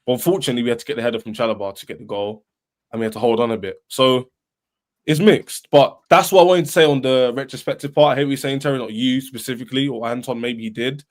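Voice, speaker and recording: A man, a football fan panelist, arguing in an animated, emphatic way on a podcast and repeating himself. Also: mid-range voice, fast. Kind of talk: heated football podcast debate.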